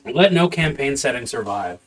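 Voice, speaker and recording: Muttering half-formed notes and swearing casually, a game master thinks aloud while prepping a campaign on a live stream. His voice sits at medium pitch, animated, with a moderate pace. Faint music plays in the background.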